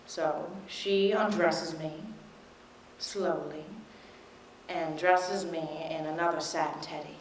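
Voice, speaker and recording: Young woman telling a frank, wry memory, slowly. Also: sits low, a little hiss or hum. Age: young adult. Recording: echoey room.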